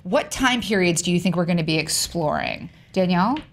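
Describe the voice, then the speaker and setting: A woman's voice: fairly low pitch, lively intonation, fairly quick. A woman hosting an entertainment news show, playful and jokey as she leads a casual panel chat.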